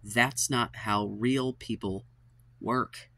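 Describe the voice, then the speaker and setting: A man on his own channel, giving dating advice, unloads an exasperated, profane rant to camera. His voice sits low and gravelly yet fairly bright, with fairly even intonation and drawn-out words on a recording without echo; he sighs, trails off and sounds exhausted and fed up.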